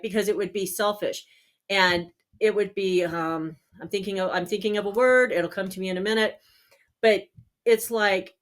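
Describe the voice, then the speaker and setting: A woman hosting a spiritual healing channel, talking earnestly and encouragingly straight to her viewers, sometimes pausing to search for a word. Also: mid-range voice. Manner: searches for words aloud with fillers. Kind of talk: casual self-help talk.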